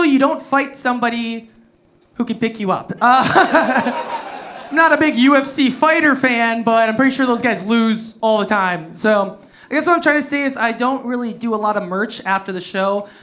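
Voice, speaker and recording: A man's voice: very high voice, expressive, moderate pace, fairly bright tone. A man headlining a stand-up comedy set on a club stage, talking into a handheld mic, swearing freely and laughing through his own punchlines.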